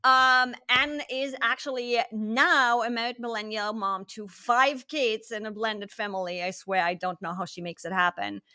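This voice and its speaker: A woman's voice: a little high, fairly even intonation, normal speed, hardly any pauses, pushed and bright, no room sound, studio quality. A woman hosting a business podcast, chatty and bubbly, laughing at her own slips. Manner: bubbly, laughing, self-deprecating. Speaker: podcast host. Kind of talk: casual interview chat.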